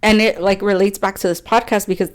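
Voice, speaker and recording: A woman's voice: mid-range voice, steady tone, fast talker, clear, resonant tone. A young woman co-hosting a faith podcast, chatting casually with a rambling flow, frequent laughs and lots of "like" fillers. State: teary at moments. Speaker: podcast co-host. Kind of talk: casual chat.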